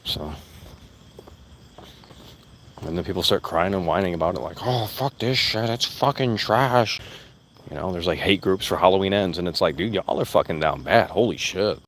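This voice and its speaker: A man with a deep, low voice rants casually while outdoors, swearing freely and circling back over his points. Faint crickets and insects chirp in the background. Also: fast talker, few pauses, a little hiss or hum. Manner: profane, blunt, repeats himself. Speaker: vlogger. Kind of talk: casual rambling rant. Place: outdoors among plants.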